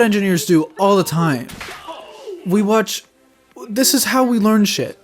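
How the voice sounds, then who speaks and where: A young man giving excitable, profane reaction commentary while watching a film. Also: high voice, moderate pace, faint music behind. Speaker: movie reviewer.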